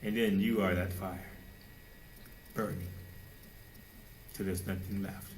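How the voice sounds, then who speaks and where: A man's voice: steady tone, slow, a little mellow, slight background noise, poor audio. Fervent male preacher asking rhetorical questions. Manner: fervent, rhetorical questions, mocks people in high voices. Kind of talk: sermon.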